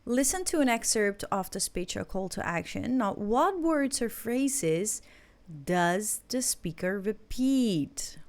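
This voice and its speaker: Female English teacher, middle pitch, patient explainer for a recorded lesson. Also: expressive, darkish tone. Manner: explains slowly, checks in with "okay" and "yeah".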